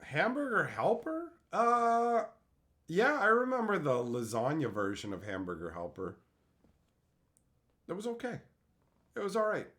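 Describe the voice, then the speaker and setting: Animated, bright-voiced male streamer. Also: sits high, measured pace, long pauses. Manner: animated, swearing, rants with exasperated disbelief. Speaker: streamer reading chat. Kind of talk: casual live-stream chat.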